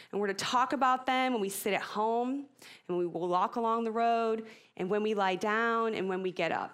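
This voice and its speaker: A middle-aged woman giving an expressive, casual talk to church parents, chatty and laughing at herself. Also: medium pitch.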